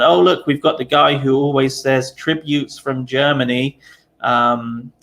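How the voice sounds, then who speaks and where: Young male streamer from the UK: slow, gravelly, tired, casual and chatty. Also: mid-range voice. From United Kingdom. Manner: relaxed, chatty, many fillers, laughs easily. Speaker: live stream host. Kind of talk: casual live-stream chat.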